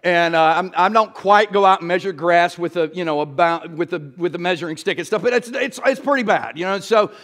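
A man's voice: sits high, brisk, few pauses, fairly bright tone. A male pastor, preaching a sermon in a church in a folksy, storytelling way and asking the crowd "y'all".

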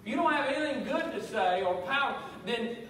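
High-voiced preacher in an echoing church. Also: male voice, lively intonation, a little fast, sharp tone. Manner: emphatic preaching with call-and-response and repetition. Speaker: pastor. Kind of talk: sermon. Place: church sanctuary. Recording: echoey church hall, voice from far off.

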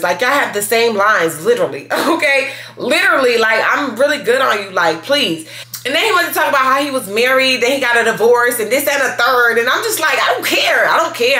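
A woman's voice: fairly high pitch, sharp tone, roomy sound. Slangy chatty young woman vlogger. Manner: chatty, slangy, says "y'all" constantly. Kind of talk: casual vlog chat.

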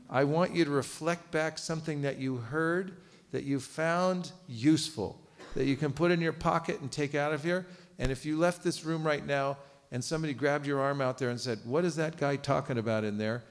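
A man giving a live seminar lecture, quizzing his audience and cracking jokes. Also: mid-range voice. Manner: lively, quizzes audience, joking asides. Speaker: seminar teacher. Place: temple cultural hall.

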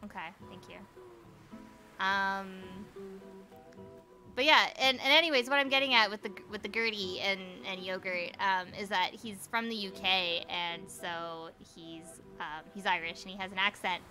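A young woman streaming from home, chatting casually over gameplay, excitable and swearing freely. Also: medium pitch, moderate pace, soft background music. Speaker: live streamer. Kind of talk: casual live gameplay commentary.

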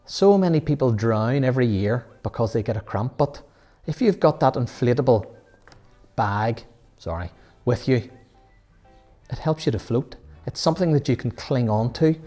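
A man's voice: mid-range voice, expressive, normal speed, warm tone, soft background music. Earnest man teaching Sunday school. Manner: earnest, asks many rhetorical questions. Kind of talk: children's Bible lesson.

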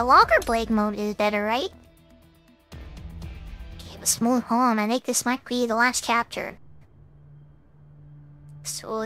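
A woman's voice: a little high, a bit bright. A woman streamer chatting casually as she plays, thinking aloud about the game. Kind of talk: casual gameplay commentary. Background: game music.

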